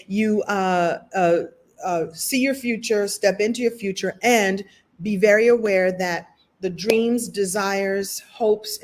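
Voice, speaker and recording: A woman hosting a live motivational recap, talking to an online audience in an animated, playful way, with laughs and acted-out little scenes. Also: mid-range voice.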